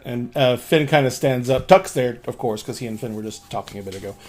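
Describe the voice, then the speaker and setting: A man's voice: medium pitch, a little fast, darkish tone. A man narrating as game master of a tabletop game, loose and full of fillers.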